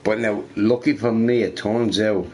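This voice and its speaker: A young man rambling casually while streaming a game, swearing freely and telling stories in an animated way. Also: lowish voice, a little slow. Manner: profane, rambling, animated storytelling. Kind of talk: casual rambling chat over gameplay.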